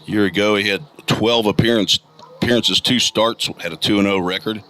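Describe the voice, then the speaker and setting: A man with a gravelly morning voice calling college baseball play-by-play, reading stats in a steady, detailed way. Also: fairly low pitch, a little fast, soft background music. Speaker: play-by-play announcer. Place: outdoor college ballpark.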